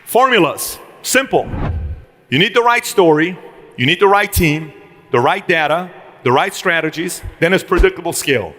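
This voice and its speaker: A man's voice: high-pitched, fairly bright tone, long reverb tail. Punchy motivational speaker, man. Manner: punchy, rhetorical questions, acts out dialogues. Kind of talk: live motivational speech to an audience.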